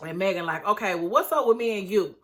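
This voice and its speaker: A woman talks through a reality show episode in a casual, chatty way. Her voice is bright and forward, and she keeps breaking into exclamations. She acts out the quoted lines in a lower voice. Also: animated, fast talker. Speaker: reality TV recap host. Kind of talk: casual recap commentary.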